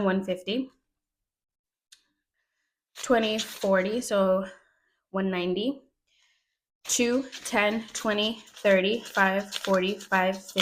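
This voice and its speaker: A woman's voice: medium pitch, noisy background. Chatty woman budgeting vlogger. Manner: chatty, sarcastic asides, counts money aloud. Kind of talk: casual chat to camera while counting cash.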